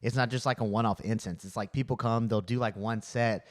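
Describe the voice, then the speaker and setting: A man with a Louisiana accent, hosting a comedy podcast and telling stories in a relaxed, chatty way. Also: lowish voice, a little fast. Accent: Southern US (Louisiana). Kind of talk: casual podcast chat.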